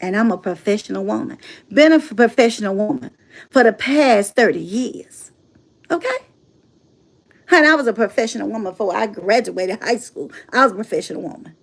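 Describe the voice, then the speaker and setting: Here a middle-aged woman, a motivational speaker and channel host, gives a casual livestream monologue in a mid-range, expressive voice with vocal fry. She talks at a moderate pace and pauses often, staying sassy and emphatic, laughing frequently and repeating lines for effect.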